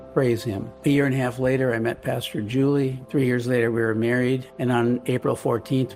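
Older man with a gravelly voice, measured testimony to a congregation. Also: mid-range voice, a little mellow. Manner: earnest, measured storytelling. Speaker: church member giving testimony. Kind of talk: spoken testimony in church.

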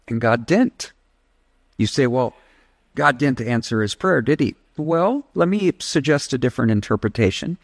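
A man's voice: a little high, lively intonation, takes it slowly, a bit bright, no room sound. A man preaching a sermon as pastor, emphatic, leading the congregation in call-and-response.

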